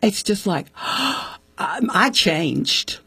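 A woman's voice: mid-range voice, drawn-out words, breathy edge, no echo. A woman telling a personal faith story as an interview guest, acting out the voices of the people in it. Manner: animated storyteller, acts out quoted voices.

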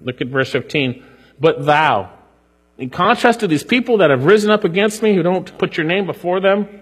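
A man preaching through a psalm in a church sanctuary. His voice is slightly husky, and a long reverb trails each phrase. He reads the verses aloud, then presses their meaning home with climbing emphasis. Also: fairly high pitch, big pitch swings, moderate pace. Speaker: pastor. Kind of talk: expository sermon on a psalm.

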